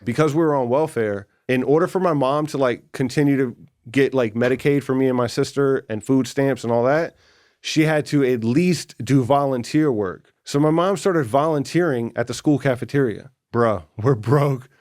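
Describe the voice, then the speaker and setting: A man's voice: mid-range voice, normal speed, a little mellow. A man speaking as a podcast guest, telling his story in a casual, profane, slangy way. He drops "bro" and "dude" all the time and acts out what other people said.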